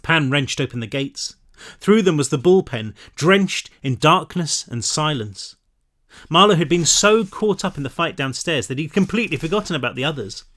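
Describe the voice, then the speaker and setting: A man narrating his own novel in a relaxed reading voice, with a slightly higher pitch than most men. He stumbles now and then and corrects himself. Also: normal speed. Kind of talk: audiobook narration.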